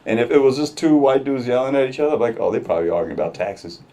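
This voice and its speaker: A man's voice: mid-range voice, lively intonation, fast. A male stand-up comedian telling a profane, laid-back story on stage at a comedy club. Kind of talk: stand-up set. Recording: noisy club with crowd laughter. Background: audience laughing.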